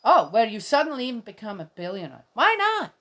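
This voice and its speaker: A woman's voice: medium pitch, animated, fast, fairly bright tone. A middle-aged woman giving casual, indignant commentary on a Bible reading, rambling and speaking straight to her viewers.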